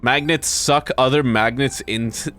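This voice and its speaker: This is casual gameplay commentary from a man with a mid-range voice who speaks a little slowly. Streaming for viewers, he complains about his run, swears often, and breaks into frequent laughter in an animated way.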